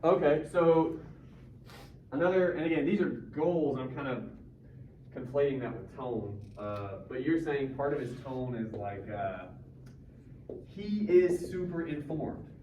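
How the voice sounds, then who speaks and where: With an animated, mid-range voice that's dark in tone and a little slow, a high school English teacher jokes with his class and quizzes them in a casual discussion. The sound is captured from a distance in a roomy classroom, dull and faintly noisy.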